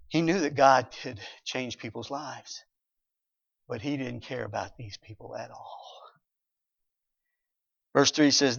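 A man's voice: mid-range voice, measured pace, creaky, pauses often, no room sound. A man preaching a sermon, reading scripture and retelling it animatedly, acting out characters and chuckling. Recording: dull lo-fi recording.

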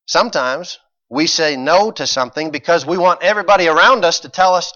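A man preaching a sermon, moving between quiet, conversational asides and loud, emphatic points with mock voices. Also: on the high side, brisk, no room sound, muffled recording.

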